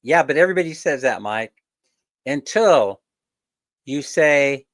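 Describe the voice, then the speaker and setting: A man's voice: fairly high pitch, lively intonation, unhurried, dry recording. Chatty man with a dry sound. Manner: chatty storytelling, mimics people he quotes; chuckles often. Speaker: host. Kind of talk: casual live chat with viewers.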